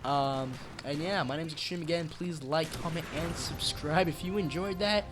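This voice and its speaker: A man hosting his own channel, rambling through dark jokes and cutting himself off mid-sentence. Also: on the high side, normal speed, over music. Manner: rambling, dark-joking, self-interrupting. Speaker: channel host. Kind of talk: joking rambling vlog.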